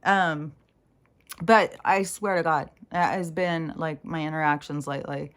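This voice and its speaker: A woman's voice: low-pitched, fairly even intonation, unhurried. A woman vlogger telling a casual story in a chatty, rambling way, often laughing and swearing, and mimicking the people she talks about.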